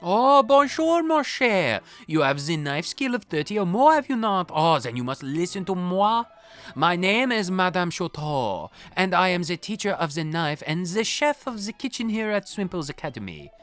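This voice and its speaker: A man's voice: sits high, sing-song, moderate pace, a bit bright, pitched above the performer's own voice. A theatrical French chef lady, as a man puts her on, voiced far above his own voice with a put-on French accent. She speaks in flowery, dramatic phrases as a video game character. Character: dramatic French woman, knife teacher and chef.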